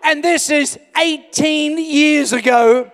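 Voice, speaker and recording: A pastor from Australia with a very high, gravelly voice tells an animated story from the pulpit. He often shouts to drive his point home. His voice rings out with a long reverb in a large church hall. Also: slow. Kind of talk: storytelling sermon.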